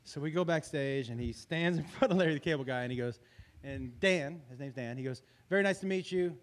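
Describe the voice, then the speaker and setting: A man's voice: mid-range voice, brisk. A man hosting a casual chat, telling funny stories with laughter and profanity. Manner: animated, laughing, profane storyteller. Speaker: podcast host and comedian.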